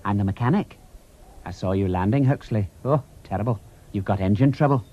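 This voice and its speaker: A man voicing a gruff, chuckling male animal mechanic in a cartoon. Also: lowish voice, a little fast, muffled recording, voice pushed down, natural voice.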